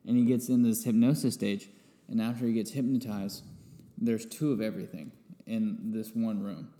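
A man's voice: fairly low pitch, steady tone, moderate pace, mellow, long reverb tail. A man guest-hosting a podcast in casual chat, loose and trailing off mid-thought. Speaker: guest co-host.

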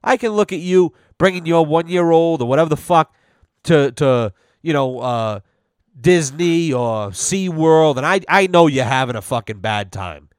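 Foul-mouthed guy ranting on his podcast, kinda high voice, dry close mic. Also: lively intonation, moderate pace, smooth, no room sound. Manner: blunt, sarcastic, heavy swearing. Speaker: podcast host. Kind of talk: casual profane rant.

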